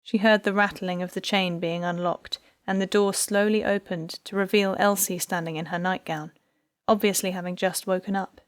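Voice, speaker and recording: A woman narrating an audiobook at a mid pitch, with an even, measured storytelling delivery. The recording is close and dry, with no room sound. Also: no echo. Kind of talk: scripted narration.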